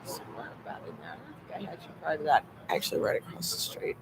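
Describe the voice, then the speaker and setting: A man's voice: medium pitch, sing-song, quick pace, vocal fry, slight background noise, low-quality recording. A man live-streaming from a phone outdoors, rambling and swearing, often dropping into a mumbled whisper. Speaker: livestreamer. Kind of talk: casual live stream monologue. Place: outdoors on a street at sunset. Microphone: phone camera.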